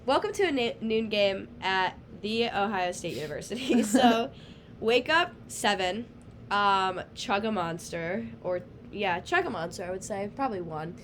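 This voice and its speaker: A woman's voice: mid-range voice, expressive, measured pace, fairly bright tone, a little hiss or hum. A young woman guest in casual podcast chat, telling gossipy stories with lots of laughter. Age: young adult.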